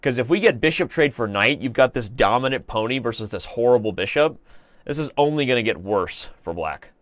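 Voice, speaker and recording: A man's voice: mid-range voice, expressive, no echo. A man hosting a live chess stream, commenting on games in a playful, joking way. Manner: playful, joking, fast-moving.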